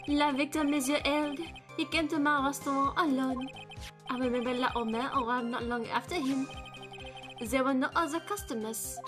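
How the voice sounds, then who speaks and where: A woman's voice: high voice, fairly even intonation, moderate pace, music in the background, pitched above the performer's own voice, close to an everyday voice. A woman voicing a flamboyant male French chef testifying as a witness, in an exaggerated mock French accent. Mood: sly.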